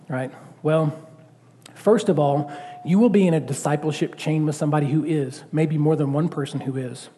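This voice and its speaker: Mellow-voiced preacher in a reverberant hall. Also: male voice, on the high side, normal speed, a little hiss or hum. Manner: conversational, animated, full of rhetorical questions. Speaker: pastor. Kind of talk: sermon. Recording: long reverb of a church hall.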